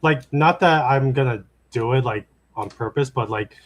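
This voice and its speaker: A man with a husky, slightly breathy voice chatting on a podcast. He speaks hesitantly, stopping and restarting, and fills his sentences with "like." His pitch sits in the middle range. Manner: hesitant, halting, many "like" fillers. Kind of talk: casual chat.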